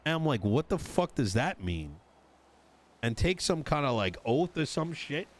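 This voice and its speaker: A man's voice: on the high side, sing-song, unhurried. Exasperated swearing man ranting in roleplay. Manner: exasperated, swearing, retelling an argument with quoted dialogue. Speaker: roleplayer voicing a politician character. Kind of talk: in-character roleplay chat.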